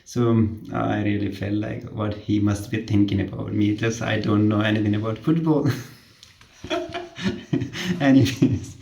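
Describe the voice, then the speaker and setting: A man's voice: lowish voice, fairly even intonation, normal speed, gravelly, few pauses, mellow, muffled recording. A man who works in healthcare casually tells a self-deprecating story from his work in a conversational way. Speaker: healthcare worker. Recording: roomy echo.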